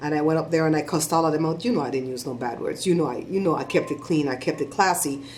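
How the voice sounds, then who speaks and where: A middle-aged woman vlogger giving chatty, animated shout-outs to her viewers. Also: low voice, fast talker, a little hiss or hum. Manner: chatty, animated storytelling with laughs.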